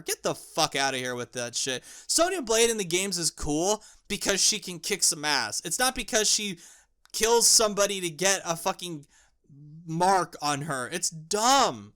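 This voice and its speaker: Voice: mid-range voice, expressive, normal speed, fairly bright tone. A film reviewer ranting with exasperation and profanity, repeating words and restarting lines when worked up.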